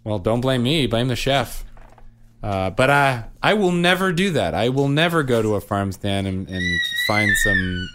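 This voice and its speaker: Rambling man with a lively voice. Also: medium pitch, measured pace, a little hiss or hum. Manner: rambling, self-deprecating, lots of fillers and restarts. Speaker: podcast co-host and father. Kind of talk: casual family chat.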